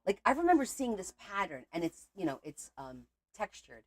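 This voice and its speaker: A woman's voice: mid-range voice, very animated, normal speed. A woman hosting a casual crafting video at her home craft table, chatting loosely and breaking into exasperated outbursts. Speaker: crafting channel host.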